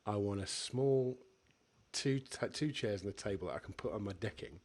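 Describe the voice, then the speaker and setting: Male co-host, easygoing, laughs easily, low pitch, husky. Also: moderate pace. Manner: relaxed, laughs easily, stumbles on repeats. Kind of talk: casual business podcast chat.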